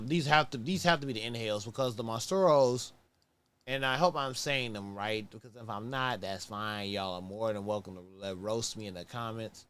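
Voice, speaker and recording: A man hosts a casual sneaker review show on camera at home, moving around as he talks. His mid-range voice is clean and a bit bright, and he sounds tired, rambling in a laid-back way and often correcting himself.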